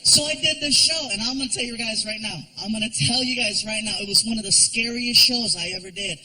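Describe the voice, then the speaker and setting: Animated bright-voiced male stand-up comedian. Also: high voice, fairly quick, rough recording. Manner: animated, acts out characters with voices. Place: theater stage before a live audience.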